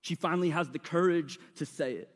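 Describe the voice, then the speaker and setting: Man, preacher, sermon, conversational slangy manner, high pitch, long hall reverb. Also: fairly quick.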